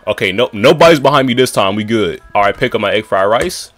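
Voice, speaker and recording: A man's voice: expressive, brisk, faint music behind. A man playing a horror game and talking his viewers through it in casual, slangy chatter. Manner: reads game dialogue aloud in a lower voice, then reacts loudly. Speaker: gaming YouTuber.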